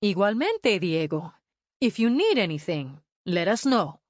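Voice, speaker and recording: A woman's voice: mid-range voice, very animated, unhurried, no echo, clean studio sound. A woman voicing a busy Mexican-born mother with a Mexican accent, friendly and practical, in an audiobook. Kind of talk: audiobook character voice.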